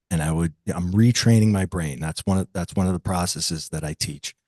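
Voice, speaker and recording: A man in his fifties, a metaphysical teacher, telling a personal story as an interview guest, reflective and lively when he quotes others. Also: low-pitched, normal speed, few pauses, dry recording.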